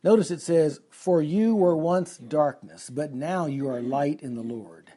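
Male preacher, slightly higher voice, warm dark tone; earnest verse-by-verse teaching. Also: unhurried, breathy edge. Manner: earnest teaching, reading scripture aloud and explaining it. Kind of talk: expository sermon.

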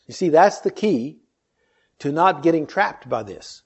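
A man's voice: on the high side, lively intonation, measured pace, breathy edge, highs cut off. A man preaching an earnest sermon, reading scripture and explaining it with rhetorical questions.

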